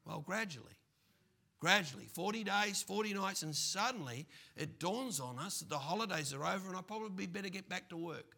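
Gravelly, bright-voiced preacher. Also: male voice, high voice, brisk. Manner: animated preaching with playful asides. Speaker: pastor. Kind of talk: sermon.

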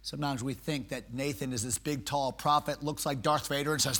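High-voiced, animated male preacher. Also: normal speed. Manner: animated, swings from quiet asides to loud exhortation; humorous, conversational. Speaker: pastor. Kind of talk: sermon.

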